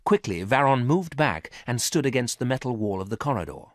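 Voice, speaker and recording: A man narrating a graded story for English learners, reading clearly and carefully. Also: mid-range voice, big pitch swings, fairly quick, no echo, studio quality.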